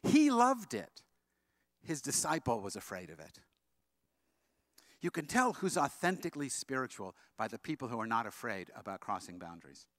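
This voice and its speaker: A man speaking at an interfaith event, telling a personal story in a quick, animated way with frequent restarts. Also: mid-range voice, dry recording. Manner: leads the audience in slow sung chant, then tells a story in a quick, animated way. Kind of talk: storytelling talk with sung chant.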